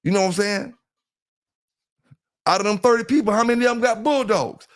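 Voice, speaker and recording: A man's voice: high-pitched, fairly quick. A middle-aged man with a Southern US accent, hosting a casual livestream and talking loosely to his viewers. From South Carolina. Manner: loose and talkative, keeps saying "you know what I'm saying", greets chat members. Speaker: livestream host.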